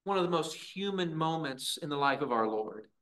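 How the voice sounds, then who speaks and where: A man preaching a sermon in a church, earnest, with dramatic pauses and voiced prayers. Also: fairly high pitch, animated, a bit bright. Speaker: pastor.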